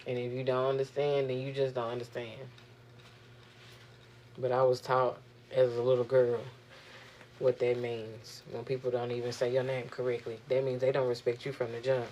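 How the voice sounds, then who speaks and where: A young woman vlogging, venting in a profane, animated, exasperated way. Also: rumbling low, moderate pace, slight background noise. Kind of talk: casual venting monologue.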